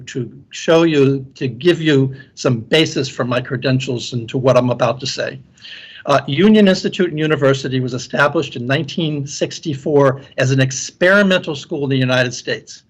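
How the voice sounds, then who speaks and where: A man's voice: medium pitch, slightly rough. A man lecturer giving an earnest conference keynote talk, often repeating words as he restarts his sentences. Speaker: guest speaker and university lecturer.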